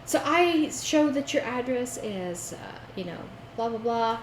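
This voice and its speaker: A woman's voice: fairly high pitch, lively intonation, unhurried, voice pushed up. A woman voicing a chirpy young female hospital registrar with a bubbly, sing-song manner. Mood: perky. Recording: echoey room with faint noise.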